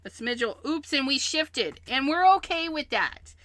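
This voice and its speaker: Slow, bright-voiced woman crafting host. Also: sits high, animated, no room sound. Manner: chatty, narrates each step as she works. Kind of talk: casual crafting demonstration.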